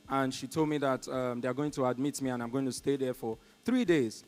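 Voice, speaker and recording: A Nigerian man with a Nigerian accent doing live stand-up comedy on stage. He tells his stories in an animated way and keeps talking directly to the crowd. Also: a little high, normal speed, long reverb tail.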